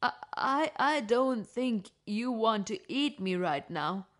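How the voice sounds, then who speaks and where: A woman voicing a timid but clever old woman who pleads softly. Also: fairly high pitch, expressive, slow pace. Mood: pleading.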